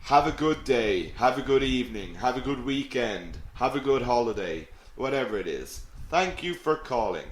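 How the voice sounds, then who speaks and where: A man teaching a live online English lesson, slow and patient, who repeats phrases and answers viewers' questions. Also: medium pitch, lively intonation. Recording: echoey room.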